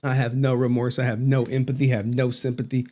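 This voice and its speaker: A man's voice: medium pitch, little pitch movement, a little fast, mellow. A man hosting a casual live stream, loose and joking, who repeats his phrases and laughs often. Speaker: stream host and commentator.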